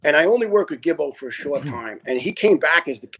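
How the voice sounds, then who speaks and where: A man in his fifties tells casual stories as a podcast guest, animated and profane. He laughs often and restarts his sentences, and his voice sits a little higher than most men's. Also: fast talker. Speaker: podcast guest, retired fire lieutenant. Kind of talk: casual storytelling.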